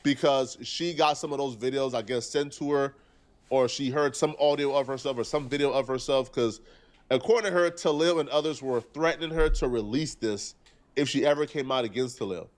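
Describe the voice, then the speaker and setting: A man streaming live, talking through a news story earnestly and point by point. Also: medium pitch. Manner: earnest, deliberate, argues point by point.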